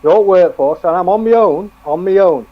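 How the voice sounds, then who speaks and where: A man's voice: high voice, fairly quick, lo-fi sound. A blunt man from England telling a story in casual chat, swearing freely and acting out both sides of a row.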